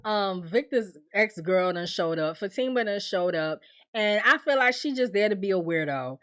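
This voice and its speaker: A woman's voice: fairly high pitch, fairly bright tone. A woman casually recapping a TV episode in AAVE slang, acting out the characters' lines as she goes. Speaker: TV recap host.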